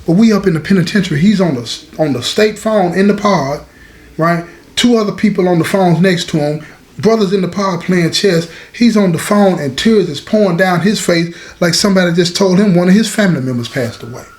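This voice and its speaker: A man's voice: high voice, a little fast, echoey room. A man telling listeners a prison story, talking to them directly and repeating phrases for effect. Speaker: storyteller host.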